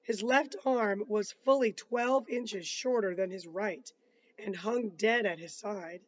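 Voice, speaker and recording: A man's voice: high voice, slow pace, lo-fi sound. A man reading a novel aloud, breaking off for casual asides and restarting words. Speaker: reader.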